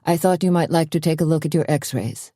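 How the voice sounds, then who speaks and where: A woman's voice: deep voice, brisk, warm tone, dry recording, clean studio sound. A woman reading an audiobook, voicing a young male doctor who speaks formally and politely.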